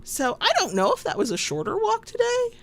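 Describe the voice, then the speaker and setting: Give me a woman co-host chatting casually, lively in pitch, cursing and laughing as she talks. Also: fairly quick, gravelly. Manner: animated, swearing storyteller with frequent laughs. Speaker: podcast co-host. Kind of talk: casual chat.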